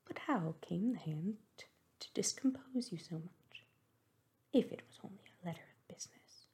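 A woman voicing a prying, gossipy older hostess in a soft whispered role-play reading. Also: mid-range voice, expressive, normal speed, husky. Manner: whispered, coaxing and nosy.

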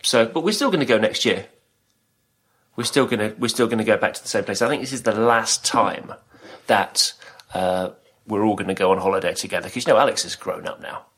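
A man's voice: fairly low pitch, fairly quick, a bit bright, breathy edge. A middle-aged man from Britain, co-hosting a podcast and telling stories in casual chat, laughing often. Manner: chatty storyteller, laughs often. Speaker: podcast co-host.

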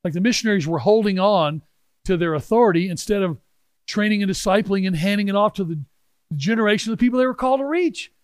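A man in his sixties telling a personal story in a sermon, swinging from hushed asides to loud exclaiming. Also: sits high, quick pace, smooth, no echo. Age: 60s. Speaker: pastor.

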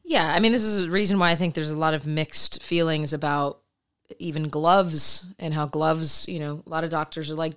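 Brief: woman podcast co-host, low and smooth voice, relaxed conversational storyteller. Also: moderate pace. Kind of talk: casual chat.

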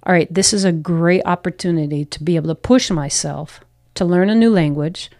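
A woman's voice: on the low side, fairly quick, darkish tone, no echo, clean studio sound. A missionary pastor, a woman, earnestly telling personal stories in an interview. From United States. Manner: earnest, reflective, acts out her own past self-talk.

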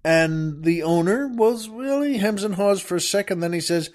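A male podcast host who tells a joke in a casual, rambling way, full of fillers and chuckles. His voice sits a little high and moves about lively. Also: normal speed.

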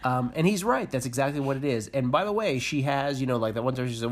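Male podcast co-host, husky voice with a lively swinging pitch, blunt and opinionated, swears freely. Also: fast, hardly any pauses. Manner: opinionated, swears, mimics people. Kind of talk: casual reality-TV recap chat.

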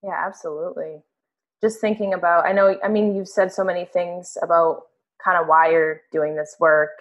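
A woman hosting a casual conversation, earnest and lively when she tells a story. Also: lowish voice, normal speed. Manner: earnest, animated when telling stories.

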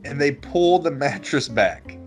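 A man's voice: mid-range voice, animated, measured pace, soft background music. A man co-hosting a casual podcast, animatedly retelling a film scene by scene and swearing freely. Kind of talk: casual film recap chat.

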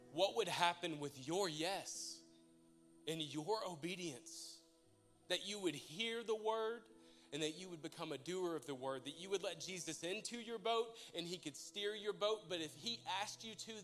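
Preaching a sermon, a young man tells his own story and prays, his voice on the high side and a bit bright. The delivery is emotional and conversational, full of stumbling restarts.

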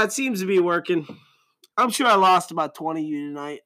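A man's voice: sits high, expressive, a little fast, bright, forceful tone. A man in his thirties hosting a solo podcast, rambling casually with lots of profanity and jokes. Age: 30s. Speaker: podcast host.

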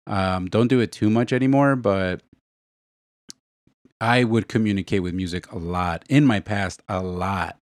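Young male co-host, easygoing and halting, low voice, dry close mic. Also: no echo. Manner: relaxed, hesitant, filler-heavy talk. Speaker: podcast co-host. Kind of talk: casual chat.

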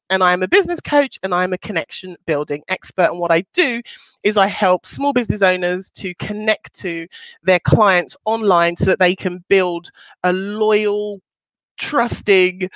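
A woman's voice: a bit bright, no echo, poor audio. A woman in her thirties, a business coach hosting a casual weekly livestream, talking chattily and upbeat to her viewers. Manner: chatty and upbeat, swoops up in pitch for emphasis.

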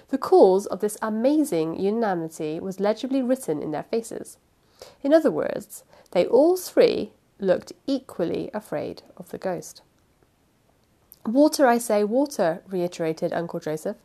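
A woman's voice: mid-range voice, warm tone. A woman hosting a podcast, chatting casually and then reading a classic novel aloud with expression. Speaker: podcast host and reader.

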